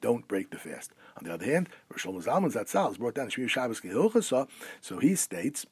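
A man's voice: mid-range voice, sing-song, fairly quick, breathy edge, dry recording. A man teaching a class on Jewish law, reading rabbinic phrases aloud and then translating them. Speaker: Torah teacher.

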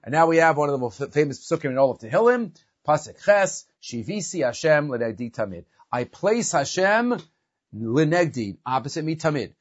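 A man's voice: fairly high pitch, very animated, normal speed, lo-fi sound. A man teaching a religious lesson, explaining and translating verses and often asking "right?". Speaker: Torah teacher.

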